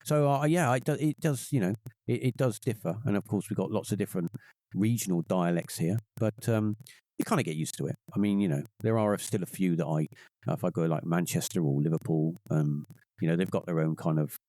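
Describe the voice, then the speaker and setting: A man's voice: deep voice, brisk, mellow, dry recording, studio quality. A man from England with a West Country accent, guest on a podcast, chatting casually and rambling with many fillers and restarts. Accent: West Country English.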